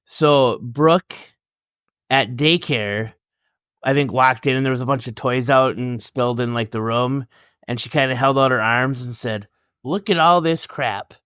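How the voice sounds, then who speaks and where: A man in relaxed podcast chat who tells family stories and breaks into laughs. His voice is mid-pitched. The recording is dry and close-miked. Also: a little slow, smooth, no echo. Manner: laughing, anecdotal storytelling. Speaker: podcast co-host.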